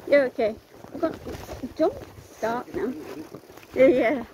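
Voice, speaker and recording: Woman rider, high voice, slow unhurried commands, noisy outdoor ride, coaxing a pony. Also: expressive, a little mellow. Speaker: horse rider and vlogger. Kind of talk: talking to her pony while riding. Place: outdoors on a road, riding a pony.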